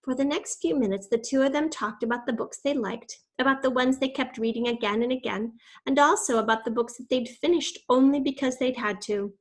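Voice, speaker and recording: A woman reading a children's novel aloud, expressive, voicing the characters' lines. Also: high-pitched, fairly quick, hardly any pauses. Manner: expressive, voices quoted lines. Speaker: reader.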